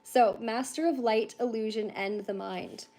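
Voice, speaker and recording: Fast-talking, tired young woman. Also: a little high, mellow. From Canada. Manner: fast-talking, chatty, laughs often, many fillers. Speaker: tarantula reader on a livestream. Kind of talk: casual livestream chat and card reading.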